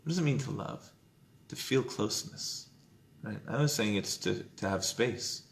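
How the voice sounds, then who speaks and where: A man teaching an informal Jewish text study class, conversational, often checking in with "right?" and loudly acting out inner voices. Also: on the low side, moderate pace, gravelly.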